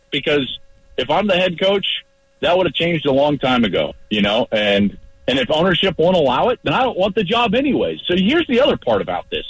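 A man's voice: on the high side, husky, dry recording, poor audio. A man calling in to a sports radio show from his car as a football analyst guest, talking in an emphatic, blunt, fired-up way.

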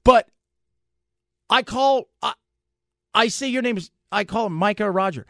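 A man's voice: sits high, normal speed, fairly bright tone, no room sound, studio quality. A man hosting a radio talk show, fired up and sarcastic as he rants.

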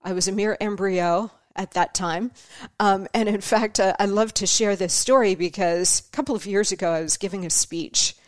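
A woman's voice: mid-range voice, moderate pace, no echo, clean studio sound. A middle-aged woman hosting her own show, telling stories in a chatty way, laughing often and acting out the voices she quotes. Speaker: podcast host. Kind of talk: casual monologue.

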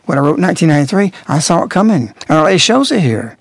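A man giving an earnest, emphatic religious radio talk, stressing key words by rising in pitch. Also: very animated, rapid-fire, creaky, breathy edge, no room sound. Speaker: radio commentator.

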